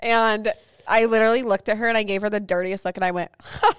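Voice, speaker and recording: A woman's voice: mid-range voice, steady tone, fast, clean tone, no echo, studio quality. A young woman co-hosting a chatty podcast, telling stories and laughing until she cries. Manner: giggly, laughs until crying, chatty storytelling. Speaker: podcast co-host. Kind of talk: casual chat.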